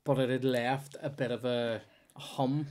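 A man's voice: mid-range voice, level tone, unhurried, a little mellow. A man hosting a comedy podcast, telling rambling, sweary anecdotes full of restarts. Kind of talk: casual storytelling chat.

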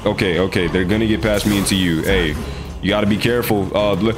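A young man giving casual, excitable gameplay commentary, joking and trash-talking. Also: fairly low pitch, a little fast, music in the background. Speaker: gaming video host.

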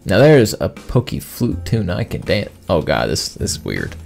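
A man's voice: deep voice, wildly swooping pitch, normal speed, gravelly, darkish tone, faint music behind. A man giving sarcastic gameplay commentary, reading the game's text aloud and bantering with the characters in mock offense. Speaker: gaming video host.

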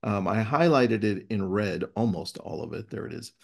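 Gravelly-voiced man hosting a webinar. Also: on the low side, fairly quick, few pauses. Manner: animated storyteller, reads passages aloud. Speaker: webinar host. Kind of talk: casual webinar chat.

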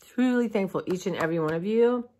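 A tired woman, talking heartfelt and rambling to her followers in a casual vlog, clearing her throat now and then. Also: medium pitch, animated, fast talker, warm tone. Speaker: vlogger. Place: dim room at home.

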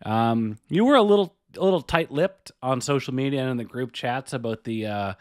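A man of middle pitch co-hosting a podcast, with a dry, wry, easygoing delivery. His voice sits close to the mic in a dry, dead sound. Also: expressive, brisk, no room sound. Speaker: podcast co-host. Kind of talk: casual chat.

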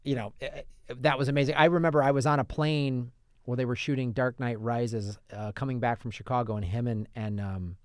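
A man's voice: mid-range voice, steady tone, a little fast, no echo. A man co-hosting a film review podcast in a studio, talking casually and rambling with many restarts. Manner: rambling, lots of fillers and restarts. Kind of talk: casual chat.

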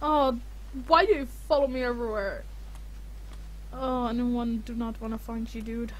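A gaming streamer with a slightly high voice keeps a steady tone and normal speed as she plays a horror game, though she panics, curses, and mutters to herself throughout her commentary.

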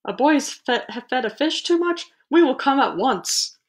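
Woman doing a loud urgent fireman, yelling, raised pitch, storybook. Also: animated, moderate pace. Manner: yelling commands.

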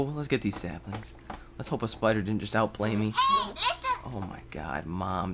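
Young male gamer host, low-ish voice, jumps from muttered whispers to sudden shouts, faint hiss behind. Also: expressive, moderate pace. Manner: erratic, swings from mutters and whispers to yelling; swears freely, talks to viewers. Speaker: gaming video host. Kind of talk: casual gameplay commentary.

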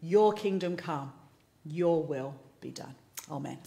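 Woman, service leader, low-pitched, chatty and playful sign-off. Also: takes it slowly, creaky, dark tone. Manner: chatty and playful, talks while eating biscuits. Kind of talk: casual closing remarks to an online congregation.

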